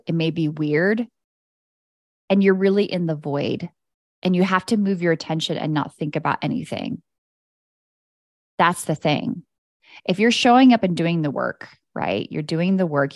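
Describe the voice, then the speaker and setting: A woman's voice: on the low side, dry recording, studio quality. A woman hosting a podcast as an energy coach, talking in a casual, candid monologue. She swears freely and laughs often.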